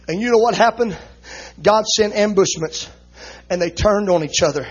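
A man preaching an impassioned, emotional sermon, shouting rhythmic lines and punctuating them with "uh, amen.". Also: sits high, normal speed, breathy edge. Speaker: visiting preacher.

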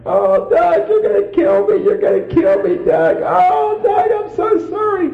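A man voicing a distraught young mother who wails and sobs in a shrill falsetto. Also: huge pitch swings, measured pace, vocal fry, heavily acted. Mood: hysterical. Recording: echoey tinny phone-like sound.

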